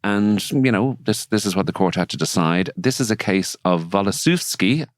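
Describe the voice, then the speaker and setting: A man's voice: on the low side, animated, normal speed, dry recording. An Irish man hosting a legal podcast in a studio, chatty and wry, with asides and fillers. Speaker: podcast host, barrister and mediator. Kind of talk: casual legal podcast chat.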